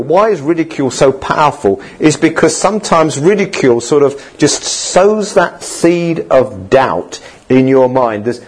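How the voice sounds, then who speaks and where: A man's voice: mid-range voice, a little mellow, breathy edge. A man preaching a sermon in a conversational way, now and then acting out quoted voices.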